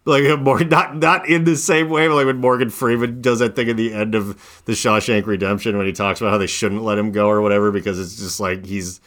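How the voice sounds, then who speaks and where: Rambling lower-voiced man, casual podcast chat. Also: fairly quick, hardly any pauses. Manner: rambling, animated storytelling with many fillers. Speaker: podcast host.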